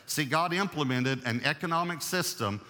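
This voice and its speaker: A man's voice: fairly high pitch, pushed and bright. Man, pastor, sermon, emphatic, repeats key phrases, long echo of a large hall. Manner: emphatic preaching, repeats key phrases, slows down reading scripture.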